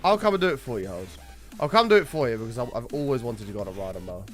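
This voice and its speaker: Animated swearing male game streamer. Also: mid-range voice, rapid-fire, faint music behind. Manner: animated, swears often, reads chat aloud. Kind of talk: casual gaming livestream chat.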